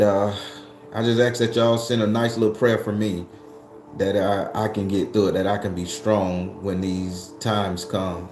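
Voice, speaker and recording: A man hosting his tarot channel, chatting casually with viewers, animated and cussing, often laughing and shooting his voice up when worked up. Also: deep voice. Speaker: tarot reader and channel host. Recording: echoey room with faint background music.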